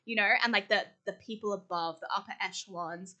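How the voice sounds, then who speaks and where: A young woman co-hosting a casual podcast, explaining ideas in a quick, rambling, giggly way. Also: mid-range voice, fairly even intonation, sharp tone. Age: young adult. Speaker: podcast co-host. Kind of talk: casual chat.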